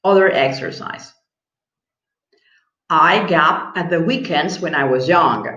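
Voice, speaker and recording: A woman teaching an English grammar lesson, slow and encouraging, who repeats example sentences, with slightly non-native phrasing. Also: sits low, sharp tone. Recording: echoey room, dull lo-fi sound.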